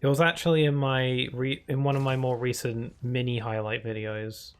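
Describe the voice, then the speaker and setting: A man's voice: medium pitch, little pitch movement, moderate pace, smooth. A man chatting casually while live-streaming a game, rambling on with many fillers at a desk microphone.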